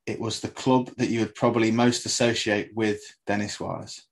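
A man's voice: fairly low pitch, fairly even intonation, moderate pace, low-quality recording. A man co-hosting a casual football podcast, setting trivia questions with frequent laughs. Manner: quizzing with trivia, laughing often. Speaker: podcast co-host.

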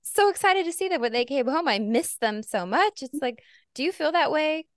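A pregnant woman in her thirties chatting casually on a podcast, bubbly and quick to laugh. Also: high voice, expressive, no room sound, studio quality. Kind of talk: casual chat.

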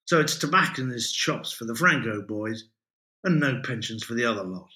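A man's voice: mid-range voice, lively intonation, moderate pace, bright, forceful tone. A man voicing a brash, pompous young male English teacher who talks in a grand, theatrical way. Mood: lecturing.

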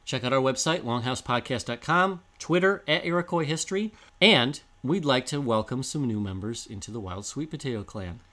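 A man hosting a history podcast, explaining events in a casual way and reading out announcements and listener shout-outs, recorded in a bar. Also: medium pitch, animated, a little fast, few pauses. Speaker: podcast host.

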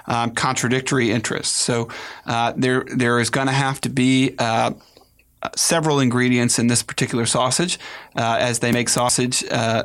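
A man's voice: mid-range voice, a bit bright. A man co-hosting a political talk show, speaking earnestly with frequent ums and restarts. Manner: earnest, hesitant with many fillers. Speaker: podcast co-host.

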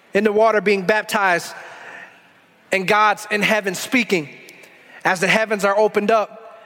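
High-voiced preacher in a reverberant hall. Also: male voice, a bit bright. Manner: preaching with dramatic slow-downs and bursts. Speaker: pastor. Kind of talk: sermon. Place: church sanctuary.

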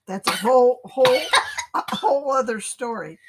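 Middle-aged mom type, co-host, wry chuckles, faint hiss behind. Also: female voice, sits high, expressive, unhurried. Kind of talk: casual chat recapping a movie. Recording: faint background noise.

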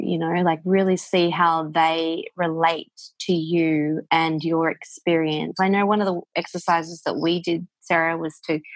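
A woman's voice: lowish voice, dry recording. An Australian woman, a voice coach, explaining in a loose, encouraging way with plenty of fillers. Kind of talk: conversational interview.

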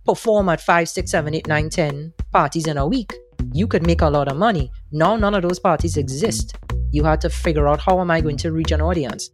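A man answering interview questions, thoughtful and animated, often restarting his sentences. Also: fairly high pitch, a little fast, music in the background. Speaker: guest, soca music commentator.

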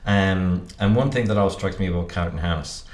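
A low-voiced Irish man hosts a relaxed interview and chats easily, with fillers and quick laughs. He sounds a little out of breath. The recording carries a noticeable roomy echo. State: slightly out of breath. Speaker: podcast host. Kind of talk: casual interview chat. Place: room at a golf resort.

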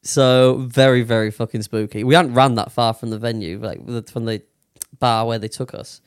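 A man's voice: mid-range voice, steady tone, normal speed, clear, resonant tone, dry recording, studio quality. A young man casually telling a long story on a podcast, with lots of swearing and fillers. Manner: swears a lot, rambling with many fillers. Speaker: podcast co-host.

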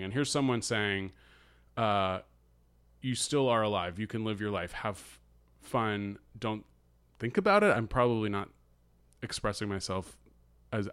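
Low smooth-voiced man musing aloud. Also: no echo. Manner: thoughtful, hedging, frequent fillers and restarts. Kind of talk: casual conversational commentary.

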